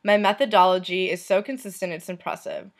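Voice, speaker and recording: A woman vlogger reading messages aloud, in a soft, unhurried voice that trails off at the end of lines. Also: lowish voice, fairly even intonation.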